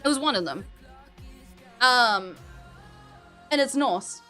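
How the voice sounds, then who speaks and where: A woman's voice: a little high, lively intonation, takes it slowly, bright, forceful tone, soft background music. A young Australian woman streaming a game, chatting in a rambling way and answering her chat over a headset mic. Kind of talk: casual chat while gaming.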